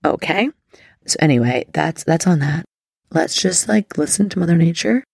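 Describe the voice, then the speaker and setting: A woman hosting an astrology podcast in a casual, effusive, heartfelt way, with lots of "like" and the odd soft whisper. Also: low-pitched, expressive, moderate pace, gravelly, husky, no echo, clean studio sound. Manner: effusive and heartfelt, heavy use of "like".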